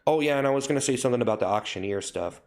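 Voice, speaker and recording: On a livestream, a young man chats with viewers at a very fast clip, his medium-pitched, darkish voice expressive. He rambles and corrects himself, filling gaps with lots of "like" and "you know."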